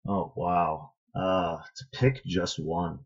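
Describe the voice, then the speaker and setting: Husky low-voiced man telling a story. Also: little pitch movement. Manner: earnest, thoughtful, measured. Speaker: interview guest, martial arts student. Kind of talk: reflective personal storytelling. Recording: dull lo-fi audio.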